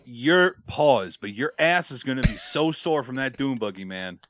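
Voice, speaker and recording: A man's voice: mid-range voice, lively intonation, normal speed, background noise. Playful man riffing in podcast banter. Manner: playful, riffs on bits and bad impressions. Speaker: podcast co-host. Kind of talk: casual podcast chat.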